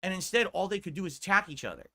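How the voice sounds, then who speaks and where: A man's voice: sits high, rapid-fire, pushed and bright. A man, a streamer, ranting in exasperated, profane commentary in a clip played back by another streamer.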